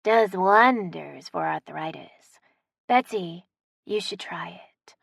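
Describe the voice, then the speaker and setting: A woman's voice: medium pitch, measured pace, no echo, studio quality, lightly acted. A woman voicing a sly older herbalist woman who talks in a sing-song way.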